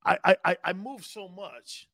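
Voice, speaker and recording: A man hosting a live sports talk show, animated and joking, laughing often and swearing casually as he reads the chat. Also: sits high, unhurried, creaky, dry recording, clean studio sound. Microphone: studio mic he adjusts himself.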